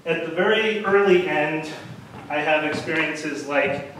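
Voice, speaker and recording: A man's voice: on the high side, a little slow. A man giving an unprepared, rambling talk to a crowd, full of fillers and self-deprecating asides. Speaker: speaker at a storytelling event. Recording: echoey hall from far off, with noise.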